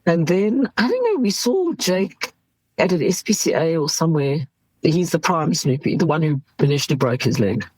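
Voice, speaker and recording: Middle-aged South African woman, ER doctor guest; husky, candid, animated storyteller, dry close sound. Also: sits low, normal speed, dry recording, low-quality recording. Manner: animated, laughs while telling stories.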